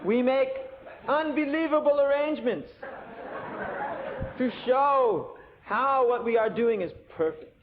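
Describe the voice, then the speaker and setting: High-voiced man in a tinny old recording. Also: slow. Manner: animated storytelling, sarcastic asides. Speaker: monk giving a scripture lecture. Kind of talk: sermon. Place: temple lecture hall. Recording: tinny lo-fi 1980 tape with faint hiss.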